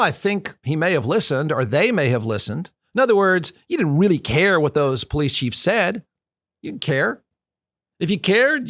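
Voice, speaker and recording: A high-pitched, fairly bright male voice belongs to an American talk show host whose political commentary is snarky and combative. He hammers points by repeating phrases, recorded at studio quality with no room sound.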